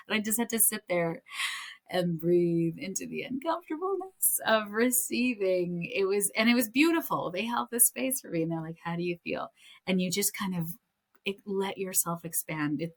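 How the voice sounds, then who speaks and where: Low-voiced woman hosting a spiritual podcast. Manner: chatty storytelling with many fillers. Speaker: podcast host. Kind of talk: casual spiritual talk.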